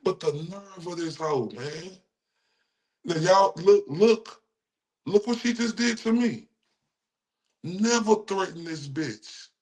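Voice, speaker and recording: A man with a Texan accent, a streamer ranting with heated, taunting, profane commentary at his viewers. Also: high voice. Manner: heated, repetitive, taunting, addresses viewers as y'all. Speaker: streamer reacting to clips.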